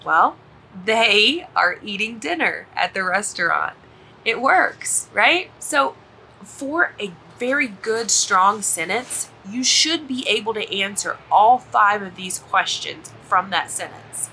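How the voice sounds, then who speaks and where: A woman teaching an English grammar lesson in a clear, encouraging, scripted delivery. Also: medium pitch, expressive, takes it slowly, pushed and bright, a little hiss or hum.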